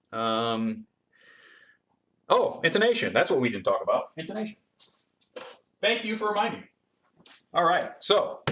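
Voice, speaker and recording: A man's voice: medium pitch, fairly bright tone. Chatty man answering chat questions. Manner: chatty, many ums, reads questions aloud. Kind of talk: casual livestream Q&A and demo.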